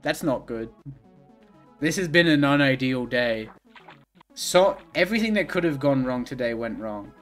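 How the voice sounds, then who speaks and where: A man streaming himself playing a video game, reacting out loud and swinging from low mumbles to sudden outbursts with lots of swearing. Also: unhurried, faint music behind. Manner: excitable, profane, swings from mumbling to yelling. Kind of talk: live gaming commentary.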